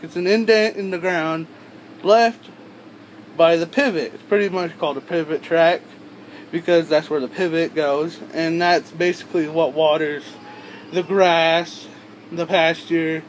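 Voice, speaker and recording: Young male vlogger, high voice, rambling and crude, faint hum behind. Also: rough recording. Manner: rambling, profane, with frequent asides and restarts. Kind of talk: rambling casual storytelling.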